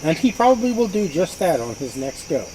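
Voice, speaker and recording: A man acting as game master in a casual tabletop game, relaxed and often murmuring agreement. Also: a little high, a little fast, background noise.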